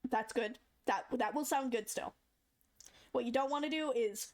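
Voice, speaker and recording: A young woman with a slightly high, darkish voice moves at a moderate pace through a step-by-step tutorial she's screen-recording. Her manner is casual and chatty, and she demonstrates sounds along the way.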